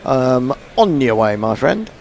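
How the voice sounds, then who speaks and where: A man's voice: mid-range voice, sing-song, takes it slowly, vocal fry, noisy background. A man doing ball-by-ball cricket commentary, chatty with dry humour.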